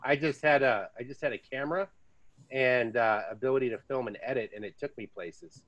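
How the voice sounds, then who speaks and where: Chatty American male podcast host with a medium-pitched voice, storytelling with asides. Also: brisk, a bit bright, muffled recording. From United States. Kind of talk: casual chat.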